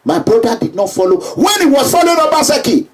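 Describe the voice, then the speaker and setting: A Nigerian man giving an emphatic public address, repeating himself and breaking into shouts. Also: extremely high pitch, very animated, fast, recorded from a distance. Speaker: political speaker.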